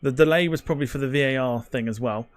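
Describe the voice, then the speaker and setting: A man hosting a live football watchalong, reacting loudly and swearing at every refereeing decision. His voice sits at an everyday middle pitch. He rants in a heated, profane way. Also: quick pace. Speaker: watchalong host.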